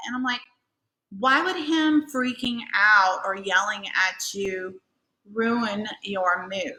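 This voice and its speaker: Life coach, female, talking to camera: bright, chatty, swears freely, acts out scenes, echoey room at home. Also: medium pitch, unhurried. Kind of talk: casual motivational talk to camera.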